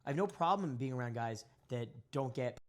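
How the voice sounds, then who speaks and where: Brash, fast-talking young man. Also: medium pitch, animated. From Indian descent. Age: young adult. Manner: boastful, brash and profane. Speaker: podcast guest. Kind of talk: casual podcast talk.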